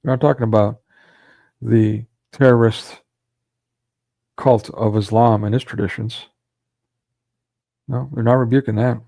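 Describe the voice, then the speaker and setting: A man's voice: medium pitch, steady tone, unhurried, gravelly, pauses often, warm tone, no echo. A man delivering a ranting monologue commentary, sarcastic and scornful, breaking into mocking laughs.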